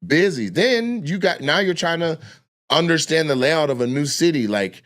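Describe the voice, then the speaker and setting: Young man, slightly higher-pitched voice, profane storyteller who acts out the voices of the people in his stories. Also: lively intonation, normal speed, a bit bright. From Washington State, USA. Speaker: guest storyteller. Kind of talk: casual storytelling chat.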